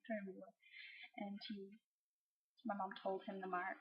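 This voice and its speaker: A woman's voice: mid-range voice, fairly even intonation, quick pace, slightly rough, no room sound. A young woman telling a story in a casual vlog, bubbly and acting out the voices of other people. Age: young adult. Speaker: vlogger. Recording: dull lo-fi webcam audio.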